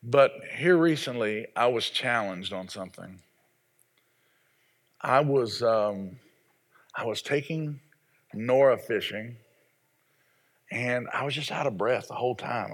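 A pastor in his forties from the American South preaches a sermon in a folksy, self-deprecating storytelling style. His mid-range voice is unhurried, with long pauses.

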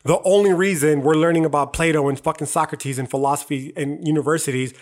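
A man's voice: on the high side, fairly even intonation, quick pace. A young man from the United States hosting a podcast, delivering a heated, profane monologue and calling the listener "dog". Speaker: podcast host.

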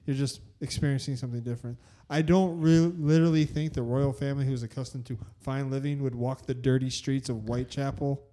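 A man's voice: medium pitch, fairly even intonation, fairly quick, few pauses, dark tone. A man co-hosting a podcast who pushes back skeptically in casual banter, often saying "like.". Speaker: podcast co-host. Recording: music playing behind.

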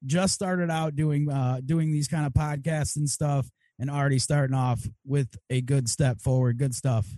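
A man's voice: mid-range voice, steady tone, moderate pace, warm tone, no room sound. A man hosting a podcast in casual chat, upbeat and grateful, swearing freely. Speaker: podcast host.

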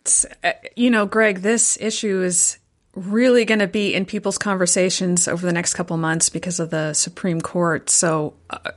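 A woman hosting a talk show, explaining in a measured, reassuring way. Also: on the low side, fairly even intonation. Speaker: podcast host.

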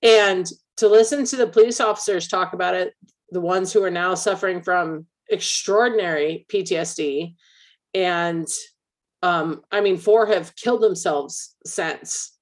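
A woman's voice: on the low side, unhurried. A woman co-hosting a podcast, talking bluntly and opinionatedly, swearing freely. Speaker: podcast co-host. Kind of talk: casual chat.

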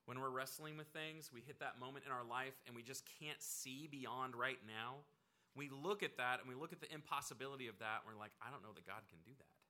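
A man preaching a sermon in a bright, sharp voice. He talks to the congregation conversationally and leans into points with emphatic repetition. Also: mid-range voice, brisk. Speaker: pastor.

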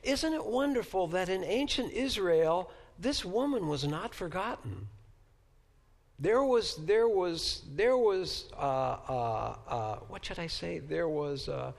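A professor leads a Bible lecture in a high, gravelly, expressive voice, speaking slowly. He halts and repeats words as he searches for how to phrase things, and he often turns statements into rhetorical questions for the class.

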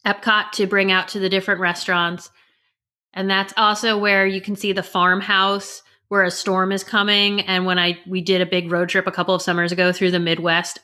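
A woman's voice: medium pitch, bright, forceful tone. A woman in her forties chatting casually as a podcast co-host, telling family stories and acting out what people said. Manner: chatty storyteller who acts out family quotes. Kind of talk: casual chat.

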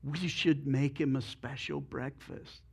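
A man's voice: extremely high pitch, lively intonation, measured pace, voice pushed up, heavily acted. A man voicing a proud, bossy male farm chicken in a sermon story, in a plain, matter-of-fact manner.

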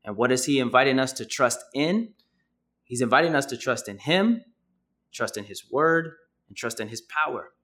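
A man's voice: medium pitch, expressive, normal speed, fairly bright tone. A young man preaching a sermon, earnest and conversational with casual asides, reading scripture aloud.

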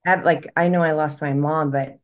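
A woman's voice: low-pitched, fairly even intonation, moderate pace. A woman, a medium co-hosting a podcast, talking in a rambling, emotional way and laughing often. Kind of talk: casual podcast conversation.

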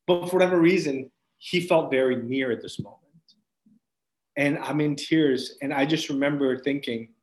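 A man, a podcast guest, earnestly telling his personal faith testimony as a story, with restarts and soft laughs. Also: a little high. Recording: roomy echo.

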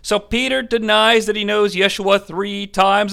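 High, gravelly comedic movie reviewer man. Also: moderate pace, bright, forceful tone. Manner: irreverent, crude, joking.

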